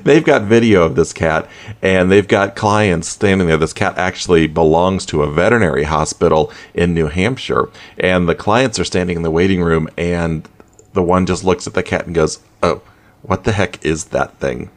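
A man hosting a pet radio show, chatting in a casual, animated way with chuckling asides. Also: deep voice, normal speed. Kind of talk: casual podcast talk.

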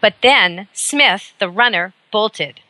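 A woman radio host delivering an emphatic, indignant talk radio monologue from a studio mic. Her voice is bright and forceful, and the sound is dry and close. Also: medium pitch, lively intonation, slow, no room sound.

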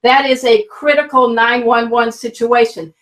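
High-voiced, lively pet first aid teacher woman. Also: normal speed, distant mic. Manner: energetic, vivid, instructive, folksy. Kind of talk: guest expert in an online interview. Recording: roomy, a bit off-mic.

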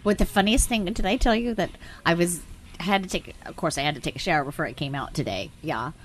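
A woman co-hosting a casual radio talk show, an animated storyteller who laughs easily. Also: on the low side, fast talker, slight background noise. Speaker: radio co-host. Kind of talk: casual on-air radio chat.

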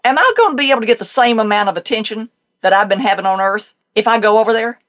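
A woman's voice: a little high, fast, fairly bright tone, no room sound, lo-fi sound, natural voice. A woman putting on a cocky, demanding dog spirit. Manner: cocky, fussy, haggling.

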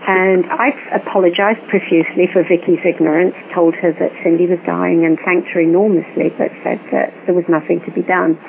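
A woman guest telling a long personal story in an animated way, recorded over a phone line. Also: fairly low pitch, a little fast, vocal fry, hardly any pauses. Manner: animated storytelling, acts out quoted voices. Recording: tinny phone line with faint hiss.

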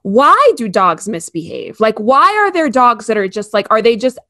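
A woman hosting a casual interview, chatty and quick with her follow-up questions. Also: a little high, sing-song, bright, forceful tone, dry recording, studio quality. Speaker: podcast host.

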